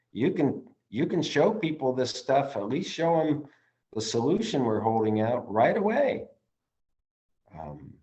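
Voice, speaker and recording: A man leading a study session, reading passages aloud and commenting with many pauses, restarts and ums, earnest and sometimes emotional. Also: lowish voice, a little mellow. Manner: earnest, gets emotional at times. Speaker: study group leader. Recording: slightly dull, lo-fi audio.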